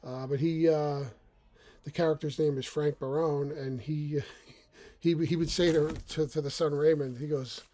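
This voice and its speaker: A man's voice: a little high, fairly even intonation, unhurried, dark tone, slight background noise. A middle-aged man talking casually to camera from a small room at home, rambling and stammering as he repeats words. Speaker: channel host.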